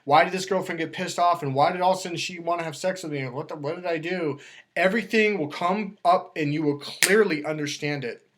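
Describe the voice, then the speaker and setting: A man talking as a dating coach, emphatic and lively, acting out quoted voices as he explains. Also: on the high side, brisk, background noise. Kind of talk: animated coaching talk.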